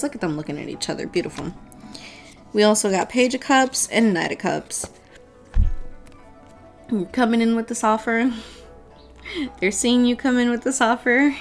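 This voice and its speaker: A woman giving a casual tarot reading, playful and swearing freely, often breaking into laughter. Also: mid-range voice. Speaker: tarot reader.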